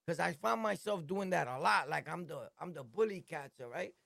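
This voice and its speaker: A man telling street stories in casual chat, acting out quotes and swinging from loud to soft. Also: fairly high pitch, animated, a little fast, vocal fry, no room sound, studio quality.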